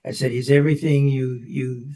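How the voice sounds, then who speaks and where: A man speaking on a panel, reflective and halting, often trailing off softly. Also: medium pitch, flat delivery, distant mic. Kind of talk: casual panel discussion.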